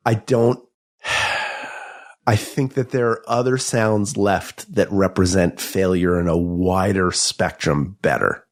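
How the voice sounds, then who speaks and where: A man co-hosting a comedy podcast, talking in a playful, animated way. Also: low voice, slow pace. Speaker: podcast co-host. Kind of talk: improvised comedy chat.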